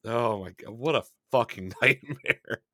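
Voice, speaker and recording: Bright, dry-sounding man in casual movie chat. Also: medium pitch, unhurried, no room sound. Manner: profane, laughing, sarcastic. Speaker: podcast co-host.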